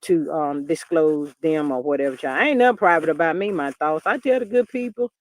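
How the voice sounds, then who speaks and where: A man in his fifties hosting a livestream, chatting in an expressive way, reading viewer comments and often calling listeners "child". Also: a little high, brisk. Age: 50s. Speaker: livestream host.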